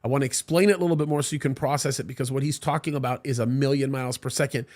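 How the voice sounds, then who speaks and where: A man's voice: mid-range voice, fairly even intonation, rapid-fire, darkish tone. Earnest pastor speaking to his congregation. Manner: earnest, explains to the congregation with fillers. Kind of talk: sermon interjection. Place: church service.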